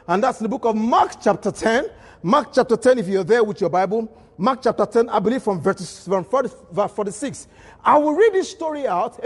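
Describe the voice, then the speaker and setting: High-pitched, husky male pastor preaching. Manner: emphatic preaching with repeated phrases and bursts of shouting. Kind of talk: sermon at a midweek service. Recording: long reverb of a large hall.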